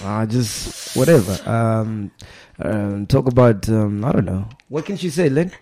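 A man's voice: lowish voice, dark tone. A man co-hosting a podcast, firing off casual questions at his guest. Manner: quick questioning, laughing. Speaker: podcast co-host.

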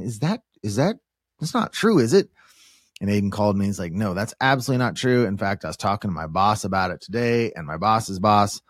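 Man telling a hunting story, low dry voice. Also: no echo. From Kansas. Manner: animated retelling with quoted dialogue and restarts. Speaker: podcast host. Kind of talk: casual storytelling.

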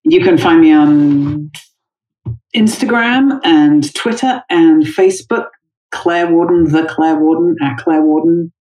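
Low-voiced woman in a roomy space. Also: slow, warm tone. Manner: chatty, laughs easily, many fillers. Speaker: guest, intimacy director. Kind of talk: casual interview conversation.

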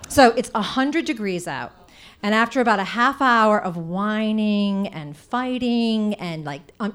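A woman telling a personal story before a live audience, in an animated, chatty way with many "like"s. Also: medium pitch.

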